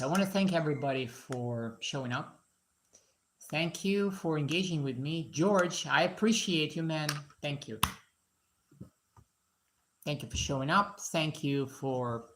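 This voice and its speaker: Her voice is low and a little slow, broken by frequent pauses, and there's slight background noise. She's a live-stream host from Moscow, Russia, with no foreign accent, also a musician and painter, joking around with viewers from her garage.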